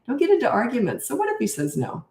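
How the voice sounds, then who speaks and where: A woman's voice: fairly high pitch, wildly swooping pitch, quick pace, darkish tone, echoey room. An older woman coaching parents, answering viewer questions in a blunt, emphatic way and repeating her key points.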